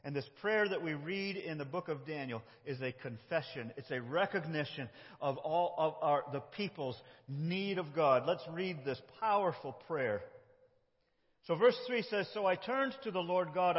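A man preaching a conversational sermon, moving between loud and quiet phrases. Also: on the high side, expressive, a little slow. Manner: conversational, with shifts between loud and soft delivery. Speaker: pastor. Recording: dull sound with long hall reverb.

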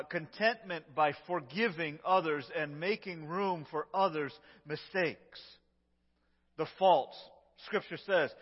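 A man preaching a sermon as pastor, his delivery emphatic and swinging between loud lines and hushed ones. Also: fairly high pitch. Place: church sanctuary. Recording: lo-fi echoey church recording.

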